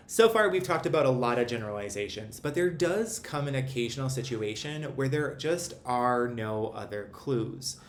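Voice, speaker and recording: A man teaching a recorded phonics lesson, explaining syllable accents in a clear, methodical way. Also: mid-range voice. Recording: roomy echo, faint background hum.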